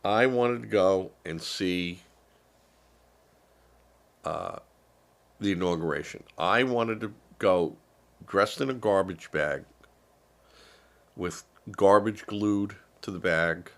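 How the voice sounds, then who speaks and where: A man's voice: low-pitched, slow pace, gravelly, pauses often. An older man from the United States who is feeling unwell, giving rambling, sarcastic political commentary with lots of fillers on a live stream.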